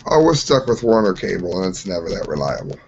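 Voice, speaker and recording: A man's voice: deep voice, sing-song, fast talker, a little mellow, husky. A male guest chatting casually with wry remarks over a video call. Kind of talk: casual podcast chat. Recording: dull lo-fi call audio.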